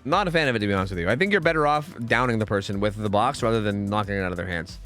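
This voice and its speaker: Guy streaming games, chatty and rambly, lots of dude and swearing, bouncy pitch, bit of music under it. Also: expressive, rapid-fire, fairly bright tone. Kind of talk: casual chat with chat while gaming.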